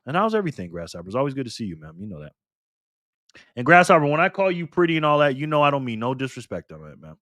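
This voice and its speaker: A man's voice: medium pitch, big pitch swings, racing, fairly bright tone, dry recording. A man hosting a casual live stream, reading the chat aloud and talking back to viewers in an upbeat, chatty way. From Nevada.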